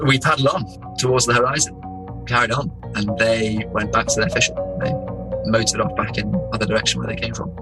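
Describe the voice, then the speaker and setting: Lively English man telling a story. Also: lowish voice, music in the background, low-quality recording. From England. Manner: animated, laughing, doing quick impressions of people. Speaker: explorer telling his story. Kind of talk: casual storytelling.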